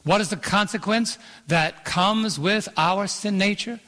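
A man preaching a sermon as pastor, emphatic, slowing down for scripture and calling for "Amen" from the congregation. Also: high-pitched, sharp tone. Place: church auditorium. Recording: long hall reverb in an auditorium.

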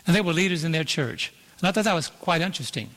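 A pastor preaching a sermon in an auditorium, calling out to the congregation and drawing out key phrases. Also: male voice, on the high side, animated, fairly bright tone. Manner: preaching with call-and-response and slowed emphasis. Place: large auditorium. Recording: long hall reverb.

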